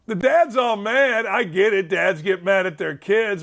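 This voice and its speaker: Show host, male, with a high-set voice; blunt and wisecracking as he reacts to clips, given to shouted disbelief. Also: measured pace, creaky, few pauses. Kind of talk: casual reaction commentary on viral clips.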